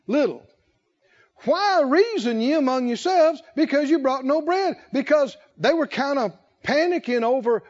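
A man preaches in a loose, conversational style, his voice pitched very high and swinging widely as he quizzes the congregation. He chuckles between points and keeps the room involved. The recording is dull and lo-fi. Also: animated, slow pace. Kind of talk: conversational sermon.

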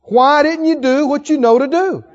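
A man preaches in a very high voice, drawing answers from the congregation and pressing his points hard. His sound carries a long church-hall reverb, and the recording is dull and muffled. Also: normal speed. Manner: preaching with call-and-response, rising to emphatic exhortation. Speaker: pastor. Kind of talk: sermon. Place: church sanctuary.

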